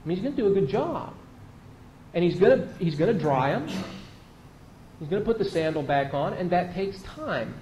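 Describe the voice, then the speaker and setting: Male pastor, conversational sermon delivery, a touch high-pitched, roomy echo. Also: very animated, normal speed, long pauses, a little mellow, dull audio. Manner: conversational, vivid storytelling with emphatic repeats. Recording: echoey room with faint noise.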